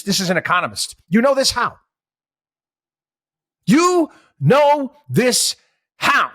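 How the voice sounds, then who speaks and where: Man, talk radio host, sarcastic and exasperated, bright forceful voice, fairly high pitch. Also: dry recording, studio quality. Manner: sarcastic, exasperated, rhetorical questions. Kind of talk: opinionated talk radio commentary.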